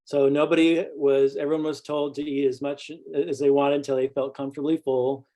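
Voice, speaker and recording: A man talks through study results in a relaxed, casual way, often restarting his words. His voice is mellow and dark, with a flat, steady pitch. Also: brisk, poor audio. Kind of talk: casual explanatory talk.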